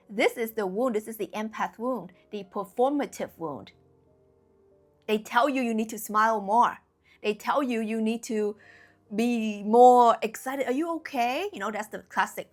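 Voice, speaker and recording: A woman giving a motivational talk to camera as a spiritual coach, earnest and direct, often checking in with her listeners. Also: a little high.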